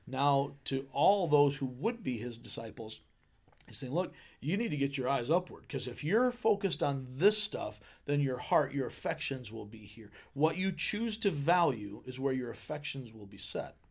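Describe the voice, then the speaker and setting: A man with a gravelly, mid-pitched voice talks through a Bible chapter as a pastor on a podcast. He is loose and conversational and reads the verses aloud with a playful, paraphrasing touch. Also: lively intonation, normal speed. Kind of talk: podcast sermon discussion.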